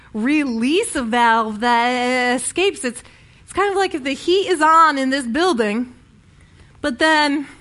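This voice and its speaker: A woman preaching a sermon in a relaxed, conversational way. Her voice sits a little high for a woman. She tells stories and often restarts her sentences. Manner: conversational storytelling with many restarts.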